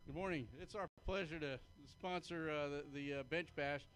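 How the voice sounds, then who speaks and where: A man's voice: fairly high pitch, normal speed, fairly bright tone. A man interviewed as a company founder at a live powerlifting meet, plainspoken and proudly promoting his firm.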